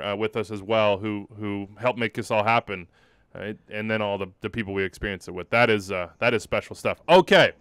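A man's voice: fairly low pitch, a bit bright, clear, resonant tone, no room sound. A man hosting a soccer show in casual chat, self-deprecating and rambling, often laughing as he talks. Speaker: soccer podcast host.

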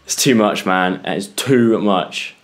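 A man's voice: low voice, takes it slowly. A young British man commentating a horror game for viewers, jumpy and yelping when scared. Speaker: gaming YouTuber. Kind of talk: let's play commentary.

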